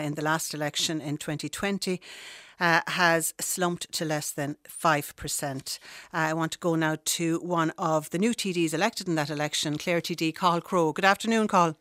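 A woman hosts a live radio programme, talking fast and moving guests along. She cuts in firmly to keep to time. The sound is close and dry. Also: fairly low pitch, fairly bright tone, no echo. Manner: brisk, interrupts to keep time. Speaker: radio presenter.

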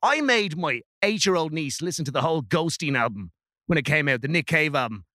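High, bright-voiced snobbish man. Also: brisk, no echo, studio quality. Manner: pompous, mock-snobbish, excitable. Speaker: comedy panel guest. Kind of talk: comic banter.

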